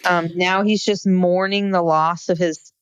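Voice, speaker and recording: A woman's voice: lowish voice, steady tone, a little slow, clean tone, dry recording, highs cut off. A woman co-hosting a podcast, recapping a reality show in casual chat with a wry, sardonic manner. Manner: wry, sardonic, narrates scenes. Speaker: podcast co-host.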